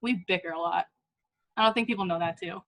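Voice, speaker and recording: A woman's voice: lowish voice, quick pace, a bit bright. A woman in her twenties hosting a podcast, chatting casually, laughing often and swearing freely. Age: 20s. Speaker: podcast host. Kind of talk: casual chat.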